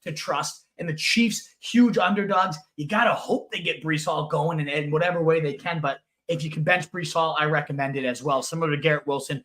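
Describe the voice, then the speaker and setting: High-voiced excitable fantasy football co-host. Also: male voice. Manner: emphatic, swears for emphasis, quick bursts of excitement. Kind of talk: casual sports analysis chat.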